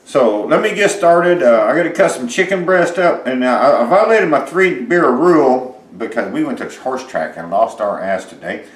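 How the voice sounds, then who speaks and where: A middle-aged man talks his way through a home recipe in a loose, rambling drawl, dropping curse words and plenty of uhs along the way. His voice sits at an ordinary pitch. The kitchen gives everything a roomy, echoey ring. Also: animated, normal speed, hardly any pauses. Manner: folksy, rambling, cussing storyteller with lots of uhs. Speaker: home cooking show host. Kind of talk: casual cooking vlog chat.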